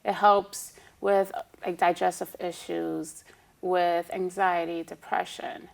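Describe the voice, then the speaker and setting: A woman who is a licensed acupuncturist, a guest on a TV talk show, calmly explaining her practice. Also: lowish voice, slow, creaky. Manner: calm, explanatory, with frequent "um" and "you know". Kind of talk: explaining in an interview.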